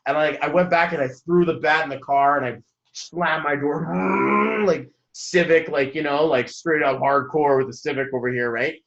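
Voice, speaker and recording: A man's voice: a little high, steady tone, fairly quick, fairly bright tone, muffled recording. A man in his thirties, a numerology coach giving a motivational talk to a group on a video call, telling stories animatedly and laughing mid-sentence. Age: 30s.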